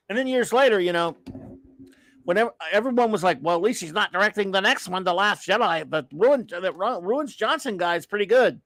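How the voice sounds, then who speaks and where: Middle-aged male host, exasperated and rambling, fairly high voice, dry recording. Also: normal speed, fairly bright tone, no echo. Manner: exasperated, rambling, with sighs and restarts. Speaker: show host. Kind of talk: casual live-stream rant.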